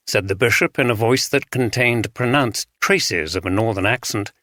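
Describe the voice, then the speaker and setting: Speaking on the low side, a man narrates an audiobook from a script with calm, even pacing. The sound is studio quality and free of echo.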